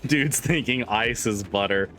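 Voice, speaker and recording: A man's voice: mid-range voice, a little slow, bright, forceful tone, faint music behind. A man livestreaming, chatting casually with viewers, laughing often, swearing freely and rambling through restarts. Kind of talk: casual chat with stream viewers.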